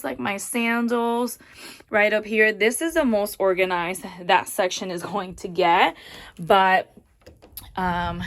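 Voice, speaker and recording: A young woman chats her way through a walk-in closet at home, casual and slangy, tossing in the odd Spanish phrase. She sounds a little out of breath as she moves around. Her voice sits at an ordinary middle pitch. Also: fairly bright tone. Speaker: vlogger. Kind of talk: casual chat.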